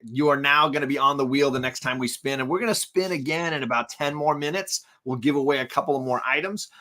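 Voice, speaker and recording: A man's voice: mid-range voice, quick pace, pushed and bright. A man hosting a casual charity livestream, with a middle-range voice. He rambles with plenty of fillers and stops to thank donors by name. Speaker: livestream host.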